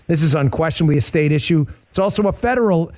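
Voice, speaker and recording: A man hosts a talk show in a notably high voice for a man. He speaks emphatically and keeps adding quick asides. He also makes pleading appeals to his listeners. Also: animated, darkish tone. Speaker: host. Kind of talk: talk show host interview.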